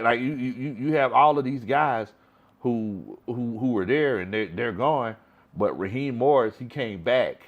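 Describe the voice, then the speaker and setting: A man's voice: lowish voice, lo-fi sound. Man near forty, casual fan-show host, stumbles and repeats words, easygoing. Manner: relaxed, repeats words often as he talks. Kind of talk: casual fan livestream chat.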